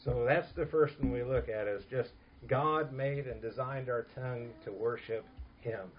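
A man preaching a sermon in an earnest, emphatic way, dropping to soft asides. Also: mid-range voice, measured pace, dull audio, slight background noise. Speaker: pastor.

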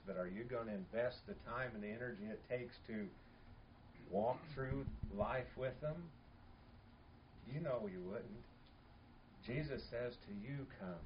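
A man's voice: mid-range voice, highs cut off, slight background noise. A man preaching a sermon in an earnest, emphatic way, repeating key phrases.

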